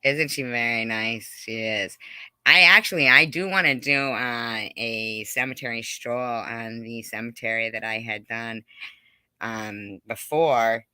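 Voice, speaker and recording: A woman's voice: rumbling low, measured pace, sharp tone, clear, resonant tone, dry recording, studio quality. A middle-aged woman hosting a casual live stream, chatting with viewers in a rambling, giggly way full of fillers.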